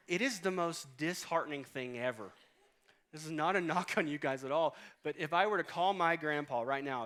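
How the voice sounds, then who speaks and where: A man's voice: a little high, fairly bright tone. A man in his late thirties preaching a sermon as pastor, in a conversational, storytelling way with humor. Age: 30s. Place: church auditorium stage.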